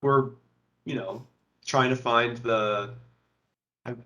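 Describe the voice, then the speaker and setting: A man playing a tabletop game in character, halting and hunting for names as he talks. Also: medium pitch, fairly even intonation, sharp tone. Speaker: player. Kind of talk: casual in-character play.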